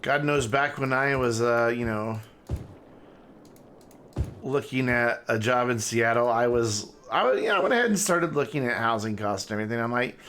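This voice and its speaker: A man's voice: medium pitch, animated, normal speed, a bit bright, slight background noise. A man streaming a city-building game, joking and rambling as he thinks aloud. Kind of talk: casual gameplay commentary.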